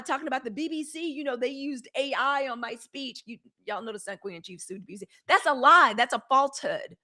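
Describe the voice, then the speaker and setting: A woman's voice: sits high, pushed and bright. Fiery outspoken woman hosting live news commentary. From United States. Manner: blunt, fiery and sarcastic, with swearing and colloquial talk. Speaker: host of a daily live news commentary show. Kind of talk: live-stream commentary reading viewer comments.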